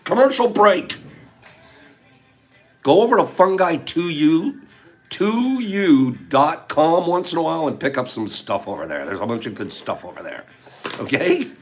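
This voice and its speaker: An older man hosting a casual talk, telling a fishing story in an animated way, acting out his friends' lines and chuckling as he goes. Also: a little high, a little slow, faint music behind. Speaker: host.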